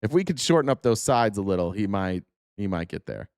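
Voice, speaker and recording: A man's voice: fairly low pitch, very animated, brisk, a little mellow, smooth, dry recording, clean studio sound. A man hosting a casual political commentary show, sarcastic and profane, firing off rhetorical questions. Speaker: host.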